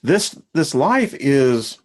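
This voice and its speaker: Lively, laughing male host. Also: medium pitch, very slow. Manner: lively, laughs often, reads out a list. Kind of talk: casual spiritual discussion.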